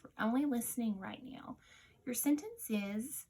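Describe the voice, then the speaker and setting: A woman teacher leading a recorded phonics dictation lesson, sounding out each word slowly and deliberately. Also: a little high, darkish tone, slightly rough.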